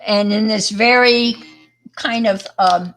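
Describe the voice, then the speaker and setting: Slow-talking woman chatting through an art demo. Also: mid-range voice, a bit bright. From Long Island, New York. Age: older. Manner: chatty, rambling, talks to viewers as she works. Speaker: art presenter on a live stream. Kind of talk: casual live-stream demo and storytelling.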